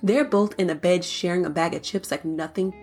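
A woman telling a family story in casual conversation, animated and laughing as she goes. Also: on the low side, fairly quick, faint music behind. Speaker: co-host, mother.

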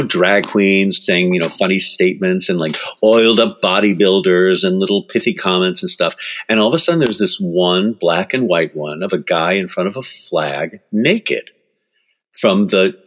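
A man in his sixties, a book author being interviewed, telling lively personal stories, laughing often and acting out what others said. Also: deep voice, normal speed. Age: 60s. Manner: animated, laughs often, acts out quotes. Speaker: author and guest. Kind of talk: storytelling in interview.

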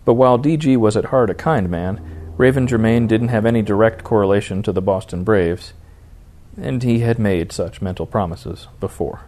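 Man narrating a novel, low and warm. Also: normal speed. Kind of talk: audiobook narration.

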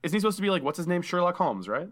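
A man's voice: high-pitched, big pitch swings, rapid-fire, fairly bright tone. A man hosting a casual gaming podcast who keeps asking his co-host questions. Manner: curious, asks lots of questions.

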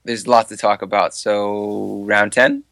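A man's voice: on the low side, takes it slowly, creaky, no echo. A man co-hosting a movie podcast, telling jokes and retelling scenes in casual chat. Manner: joking, animated storytelling. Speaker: podcast co-host.

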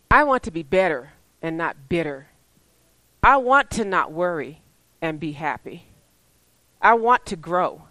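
A woman preaching a sermon, animated and often laughing, who slips into playful high voices when she quotes people. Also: no echo, low-quality recording.

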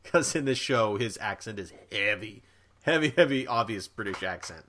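A man's voice: fairly low pitch, animated, normal speed, pushed and bright, slight background noise. A man from the United States co-hosting a podcast, chatting casually in an eager, jokey way with many fillers. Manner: enthusiastic, filler-heavy, jokey. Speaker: podcast co-host. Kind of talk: casual chat.

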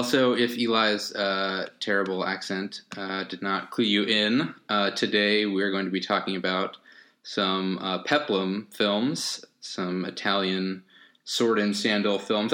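A man's voice: sits low, pushed and bright. A man hosting a casual podcast, talking in a laid-back, hesitant way with lots of fillers. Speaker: podcast host.

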